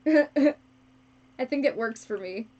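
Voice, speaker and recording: A woman's voice: high-pitched, lively intonation, extremely slow, mellow, muffled recording, a little hiss or hum. A woman chatting casually with her live-stream viewers while she sews. She is giggly and self-deprecating and laughs often. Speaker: fursuit maker streaming live. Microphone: wrong microphone.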